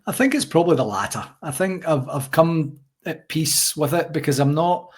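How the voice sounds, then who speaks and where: A middle-aged Scottish man, chatty and animated as he tells stories in a casual interview. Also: on the high side, normal speed, breathy edge. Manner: chatty storyteller, animated anecdotes. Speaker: interview guest, supporters' association president.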